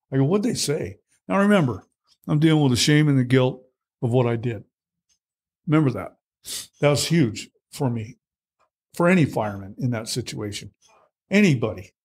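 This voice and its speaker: Blunt, salty older man telling his story. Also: mid-range voice. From United States. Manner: blunt, salty, animated retelling with acted quotes. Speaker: interview guest. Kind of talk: candid storytelling.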